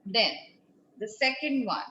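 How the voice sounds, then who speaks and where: Woman teacher, slow and deliberate, drilling French words; echoey, muffled room. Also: fairly high pitch, pushed and bright. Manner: spells out and drills words, praises answers. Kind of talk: online class teaching. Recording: echoey, dull with faint noise.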